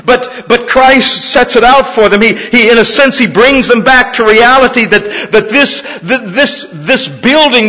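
A man with a strikingly high voice delivers an expository sermon in a church sanctuary. He is earnest and halting, restarting phrases and doubling words as he works through the passage. A long reverb trails each line. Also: fairly bright tone. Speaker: preacher.

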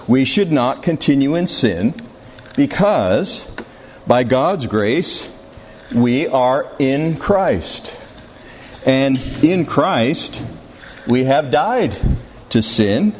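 A man teaching a Bible class, speaking deliberately and putting questions to his students in a room with a board. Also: mid-range voice. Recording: reverberant hall, faint background noise.

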